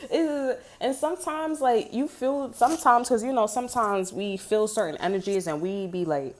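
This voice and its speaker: A woman's voice: mid-range voice, lively intonation, normal speed, few pauses. Blunt, cursing woman tarot reader. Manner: blunt, profane and heated. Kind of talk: casual spoken tarot reading.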